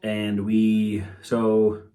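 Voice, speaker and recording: A man's voice: lowish voice, monotone, drawn-out words, warm tone, faint music behind. A young man hosting a comedy podcast, rambling through a profane monologue and acting out quotes in mocking voices. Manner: swears a lot, acts out quotes in raised mocking voices.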